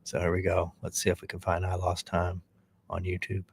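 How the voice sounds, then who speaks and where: A man's voice: low-pitched, completely flat delivery, a little fast, gravelly, slight background noise. A man streaming a heated, profane commentary, mocking the person he talks about. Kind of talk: ranting commentary.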